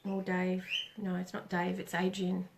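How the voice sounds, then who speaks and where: A middle-aged woman doing a live oracle reading, speaking gently with pauses and self-corrections. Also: on the low side, completely flat delivery, gravelly, noisy background. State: tearful. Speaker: psychic reader on a live stream.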